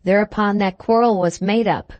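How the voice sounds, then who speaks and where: A woman's voice: medium pitch, fairly even intonation, normal speed, dry recording, muffled recording. Woman steadily narrating an audiobook.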